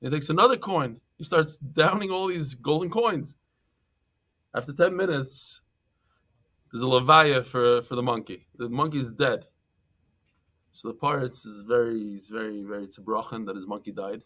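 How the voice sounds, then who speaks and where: A man teaching a Talmud class, lively and joking as he tells stories and mixes in Hebrew and Yiddish terms. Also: medium pitch, moderate pace.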